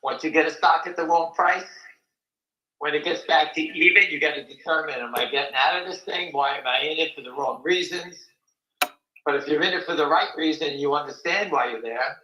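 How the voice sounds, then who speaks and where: Older guy hosting a stock show live, blunt and rambly, slightly high voice, roomy sound. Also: brisk, sharp tone, lo-fi sound. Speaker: stock market show host. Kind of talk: casual live talk show.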